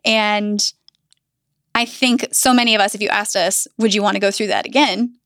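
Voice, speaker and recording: A woman's voice: mid-range voice, steady tone, normal speed, dry recording, studio quality. A woman hosting a faith podcast, affirming her guest and reflecting thoughtfully. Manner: warm affirming listener, reflective. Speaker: podcast host.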